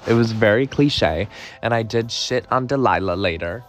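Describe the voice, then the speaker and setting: A young man hosting a podcast tells a story in a casual, gossipy way, swearing and dramatizing the retelling. His medium-pitched voice is a little slow and pauses often, with faint music behind him.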